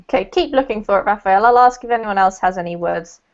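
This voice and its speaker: A woman's voice: mid-range voice, fast talker. Encouraging woman teaching over a call. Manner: patient, encouraging, laughs easily. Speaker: English teacher. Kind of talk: online group English lesson. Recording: lo-fi online call audio.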